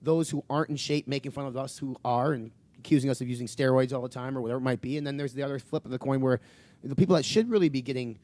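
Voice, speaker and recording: A man co-hosting a casual podcast, driving his points home with blunt swearing. He talks quickly and presses hard on each point. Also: mid-range voice, a little mellow. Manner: emphatic, profane ranting. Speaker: podcast co-host.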